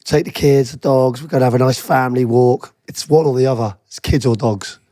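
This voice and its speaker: A man co-hosting a podcast in casual chat, a bit husky today, full of teasing banter. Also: mid-range voice, fairly even intonation, a little fast, mellow, no room sound, studio quality. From England. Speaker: podcast co-host.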